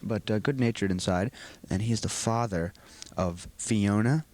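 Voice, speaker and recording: A man's voice: on the low side, measured pace, darkish tone. A teenage boy, a student actor, talking earnestly and at some length in a school video interview. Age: teens. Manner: earnest, rambling explanations.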